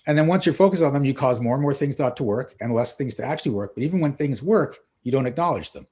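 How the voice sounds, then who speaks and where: A middle-aged man, a coach and author, guesting on a podcast and telling lively stories, acting out the dialogue. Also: medium pitch, fast, husky. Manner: animated storyteller acting out dialogue. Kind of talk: casual interview storytelling.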